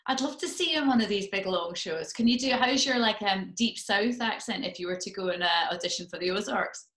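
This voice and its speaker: A woman's voice: mid-range voice, a little fast, fairly bright tone. A woman radio presenter running an upbeat, chatty interview, laughing often and asking eager questions. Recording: echoey room.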